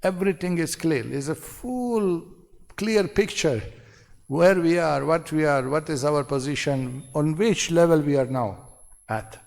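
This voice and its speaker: A man's voice: fairly high pitch, a little slow, vocal fry, darkish tone. A man giving a devotional seminar lecture in short, repeated phrases, asking his listeners rhetorical questions. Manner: asks the audience rhetorical questions. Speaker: seminar speaker. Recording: long hall reverb.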